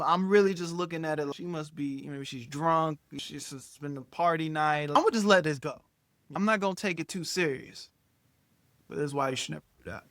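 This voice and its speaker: A young man telling a storytime about a relationship in a casual, profane, animated way, acting out quotes with big jumps in loudness. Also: fairly high pitch, no room sound, studio quality. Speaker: storytime YouTuber.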